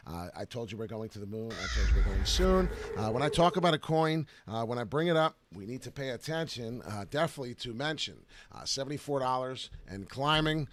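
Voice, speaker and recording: A man hosting a casual crypto live stream, excited and rambling with lots of filler "uh"s, talking into a close desk mic at home. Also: medium pitch, no echo. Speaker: crypto video host.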